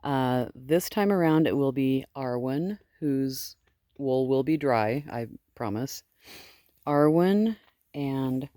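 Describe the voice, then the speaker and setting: Chatty low-voiced woman, dry sound. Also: animated, takes it slowly, pauses often, warm tone, no room sound. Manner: chatty, switching into cooing baby talk. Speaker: sheep farmer. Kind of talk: casual vlog talking to animals. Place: outdoors in a wet sheep pen.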